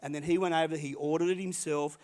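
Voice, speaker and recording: A man's voice: a little high, fairly even intonation, fast talker, darkish tone. A man, a pastor delivering a sermon as a rambling, conversational story with frequent restarts and retold dialogue.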